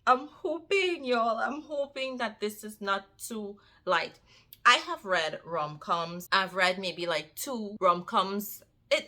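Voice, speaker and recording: Woman book vlogger talking to camera, slow and drawn out, bright tense voice, says y'all a lot and repeats herself for emphasis. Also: medium pitch. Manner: animated, repeats phrases for emphasis, addresses viewers as y'all. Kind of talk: casual chat to camera.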